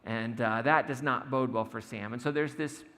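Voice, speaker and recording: A man's voice: mid-range voice, fairly even intonation, normal speed, vocal fry. A man preaching a conversational sermon as pastor, retelling a story in a casual, storytelling way. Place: church sanctuary. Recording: long hall reverb, soft music behind.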